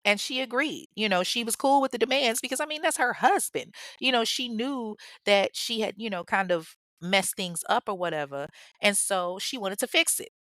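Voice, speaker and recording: A woman's voice: fairly high pitch, lively intonation, normal speed, a bit bright, dry recording. A woman hosting a podcast, casually recounting a true-crime case, chatty and blunt, swearing freely and talking straight to her listeners. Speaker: podcast host.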